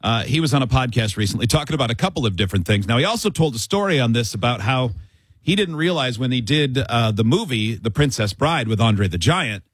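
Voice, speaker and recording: A man's voice: medium pitch, animated, a little fast, husky, no echo. A man hosting a radio talk show in casual chat, chatty with lots of fillers.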